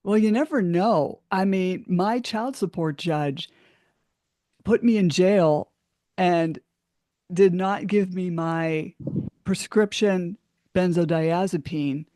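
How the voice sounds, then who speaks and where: A woman's voice: on the low side, slow pace, warm tone, no room sound, clean studio sound. A woman hosting a podcast, giving short affirmations and a plain personal account. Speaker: podcast host. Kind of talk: casual interview talk.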